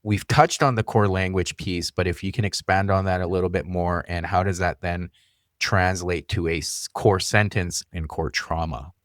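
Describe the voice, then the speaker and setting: A man hosting an interview podcast, soft-spoken and affirming, sharing his own experience and asking follow-up questions. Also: low-pitched, fairly even intonation, normal speed, no echo, studio quality. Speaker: podcast host. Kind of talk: conversational interview.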